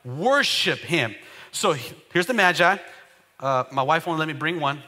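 A man's voice: a little high, expressive, unhurried, bright, forceful tone. A man pastor preaching a sermon with emphatic call-and-response to his church.

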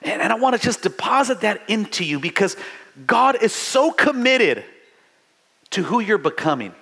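With a high, sharp voice that is very animated yet at a moderate pace, a middle-aged pastor delivers a fervent church sermon. He calls out to his congregation, call-and-response fashion, restarting his phrases many times.

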